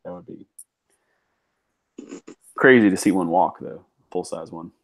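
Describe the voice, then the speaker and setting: A man co-hosting a live hobby stream, joking and swearing in relaxed casual chat. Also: low-pitched, unhurried. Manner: joking, profane, laughs easily. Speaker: co-host.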